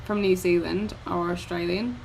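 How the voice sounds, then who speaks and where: A woman's voice: lowish voice, steady tone, moderate pace, vocal fry, a little mellow, slight background noise, poor audio. A woman from Rochdale with a clipped northern English accent, chatting casually as co-host. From Rochdale, England. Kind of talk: casual live chat.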